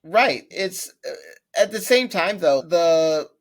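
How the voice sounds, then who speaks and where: A man hosting a casual interview, curious, adding quick reactions and his own coding experience. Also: fairly high pitch, lively intonation. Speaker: podcast host, coding bootcamp teacher.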